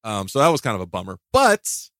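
A man's voice: on the low side, huge pitch swings, brisk, fairly bright tone, no echo, clean studio sound. A man hosting a podcast, chatting casually and rambling with restarts and self-mocking jokes. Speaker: podcast host.

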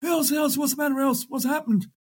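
A man's voice: very high-pitched, steady tone, fairly quick, voice pushed up. An older man putting on the voice of a flustered pub landlord in an anecdote. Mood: frantic. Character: flustered middle-aged male pub landlord. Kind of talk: storytelling with put-on voices.

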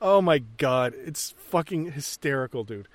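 A man's voice: fairly high pitch, animated, a little slow. A man co-hosting a podcast, chatting casually about a movie, swearing freely and laughing often. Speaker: podcast co-host. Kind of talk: casual movie commentary chat.

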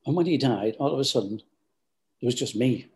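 An older man telling stories from his business life in an interview. His voice is gravelly and worn at the edges. He rambles, stops and restarts his sentences as he feels his way back through the past. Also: medium pitch, fairly quick, darkish tone. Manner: rambling, hesitant, many restarts. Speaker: business founder. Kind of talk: storytelling interview answers.

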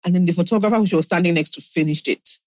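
A woman co-hosts a podcast in relaxed, chatty talk. She tells stories animatedly and laughs often. The sound is dry and close. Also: fairly low pitch, very fast, dry recording. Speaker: podcast co-host. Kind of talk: casual chat.

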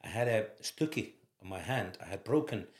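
In an echoey room, a man in his fifties from Finland, once a footballer, tells lively interview anecdotes in a Finnish accent, laughing as he goes. He speaks at normal speed with a fairly low pitch.

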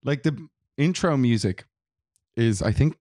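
A man's voice: medium pitch, animated, measured pace, mellow, dry recording. Chatty Irish man, dry close sound. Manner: chatty, rambling with restarts and laughs. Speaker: podcast co-host. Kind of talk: casual chat.

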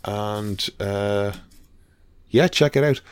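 A man's voice: fairly low pitch, very slow, clean tone. A man hosting a podcast in casual chat, rambling and hesitant with lots of fillers. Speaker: podcast host.

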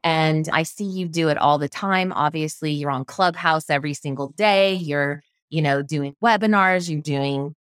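A woman's voice: low voice, normal speed, few pauses, clean tone, no room sound, studio quality. A woman hosting an interview show in an upbeat, bubbly way, laughing often. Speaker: podcast host.

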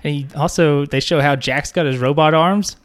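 Deadpan podcast co-host, casual chat, mid-pitched voice. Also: normal speed.

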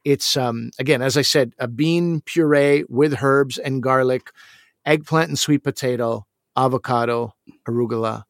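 A man from Canada co-hosting a casual food podcast, talking in rambling, animated bursts with many restarts. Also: medium pitch, unhurried, no echo, clean studio sound. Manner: rambling, animated, self-interrupting. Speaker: podcast co-host.

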